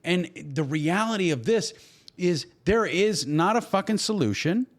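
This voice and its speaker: A podcast host with a high-sitting, animated voice speaks without hurrying. His talk is casual and blunt, heated, and packed with constant profanity.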